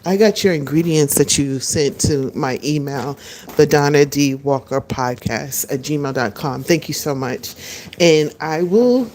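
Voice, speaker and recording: Low mellow-voiced woman chatting to viewers. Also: expressive, a little slow, a little hiss or hum. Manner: chatty, rambling, talks to viewers. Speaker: podcast host. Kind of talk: casual live-stream chat. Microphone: phone.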